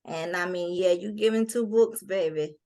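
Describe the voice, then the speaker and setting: A woman's voice: on the low side, moderate pace, mellow. North carolina woman hosting, southern accent, chatty and playful, says girl and honey a lot. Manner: playful, folksy, calls people girl and honey. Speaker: host. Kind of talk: casual interview chat.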